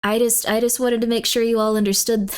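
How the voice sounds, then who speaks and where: A woman's voice: on the high side, flat delivery, brisk, smooth. A woman streamer chatting casually on a livestream, rambling and playfully emphatic.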